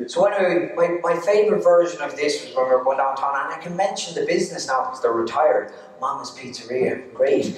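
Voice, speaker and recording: Irish man telling stories on stage. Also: fairly high pitch. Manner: animated, laughing at his own jokes. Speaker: stand-up comedian. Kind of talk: live stand-up storytelling. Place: arts centre stage. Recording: echoey hall, distant mic.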